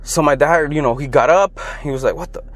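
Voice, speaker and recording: A young adult man from Los Angeles hosts his own podcast, telling childhood stories solo in a casual, loose, rambling way. His voice is a little high and brisk, and he turns animated when quoting people.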